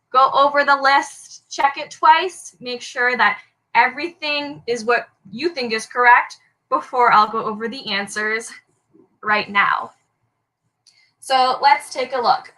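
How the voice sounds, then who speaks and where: A woman's voice: high-pitched, pushed and bright, low-quality recording. A young woman hosting a trivia quiz, reading headlines aloud in an upbeat way and joking lightly when she slips. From Canada. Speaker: trivia host.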